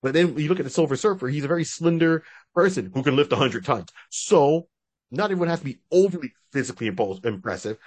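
A man's voice: on the high side, animated, fast, no echo. A man co-hosting a podcast, chatting casually and at length, often restarting his sentences. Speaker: podcast co-host. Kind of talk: casual fan-casting chat.

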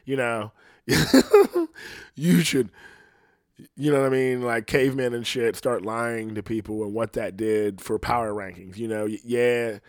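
A man's voice: mid-range voice, steady tone, measured pace, no echo. Guy ranting and swearing nonstop, rambly podcast talk, dry close mic. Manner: ranting, profane, rambling with frequent "you know what I mean". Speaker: podcast host. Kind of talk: profane casual monologue.

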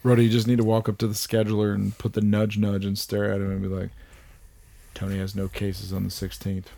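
A man, chatting on a podcast as host, telling animated stories, swearing freely and laughing often. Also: fairly low pitch, fairly quick, gravelly, no room sound. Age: 30s. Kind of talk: casual chat.

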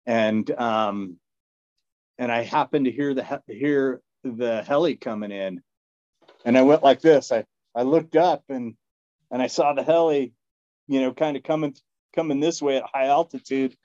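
A man at a middle pitch recounts a story as a guest, rambling through fillers, restarts and quick laughs. The recording is dull and low-fidelity, with a dry, close sound. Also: darkish tone, dry recording. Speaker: podcast guest. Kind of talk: casual storytelling.

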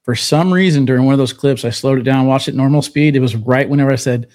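A man's voice: medium pitch, fast talker, a little mellow. A man co-hosting a casual podcast on a video call, chatty and laughing now and then as he hypes things up. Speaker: podcast co-host. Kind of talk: casual chat. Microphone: remote video call.

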